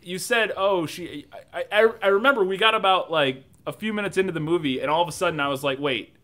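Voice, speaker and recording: A young man co-hosting a casual movie review podcast, animated and swearing, often laughing as he talks. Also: sits high, fast. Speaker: podcast co-host.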